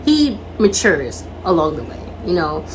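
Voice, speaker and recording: A woman's voice: lowish voice, big pitch swings, measured pace, a little hiss or hum, low-quality recording. A woman co-hosting a casual talk, retelling a story and acting out the characters' lines. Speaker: podcast co-host. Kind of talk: casual anime discussion.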